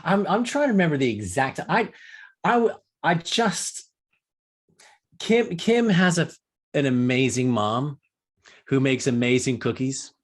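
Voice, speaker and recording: A man on a podcast as a guest, chatting casually with a halting delivery and frequent restarts. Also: mid-range voice, expressive. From grew up as a military kid on Okinawa. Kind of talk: casual conversation. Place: lives in London.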